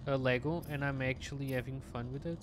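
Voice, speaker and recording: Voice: mid-range voice, steady tone, quick pace, noisy background. A streamer chatting casually with viewers while playing a game, talking to themself and sounding sleepy. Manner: chatty, talks to self and chat, sleepy. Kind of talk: casual live game commentary. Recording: game music playing behind.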